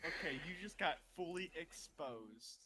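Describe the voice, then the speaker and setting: A man's voice: on the high side, animated, measured pace, bright, forceful tone, breathy edge. A young man on a live stream, teasing his friend nonstop and throwing in mock news announcements. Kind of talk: casual chat on a live stream.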